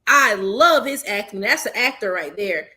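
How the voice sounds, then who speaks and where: A woman's voice: medium pitch, animated, moderate pace, pushed and bright. A woman hosting a podcast in casual group chat, blunt and joking, often laughing. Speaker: podcast host.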